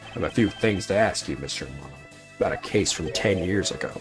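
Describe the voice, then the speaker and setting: A man voicing a cocky, combative male Interpol agent from a mystery game, in a gruff, mocking, clipped voice. The agent is read aloud on a livestream. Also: low-pitched, expressive, quick pace, pitched below the performer's own voice. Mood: scornful. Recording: faint music behind.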